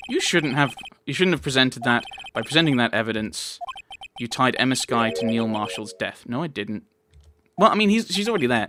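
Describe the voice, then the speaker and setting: A man playing through a courtroom game, reading the characters' lines aloud in his own voice and ranting about the plot. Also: medium pitch. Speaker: let's player. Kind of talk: commentary while reading game dialogue aloud. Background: game music.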